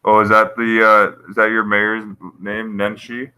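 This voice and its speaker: A man's voice: on the low side, completely flat delivery, unhurried, bright, forceful tone, smooth, no echo, low-quality recording. A man hosting a casual livestream, rambling through conspiracy commentary with frequent chuckles while reading his chat. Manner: rambling, conspiratorial, laughs at his own points. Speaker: YouTube channel host.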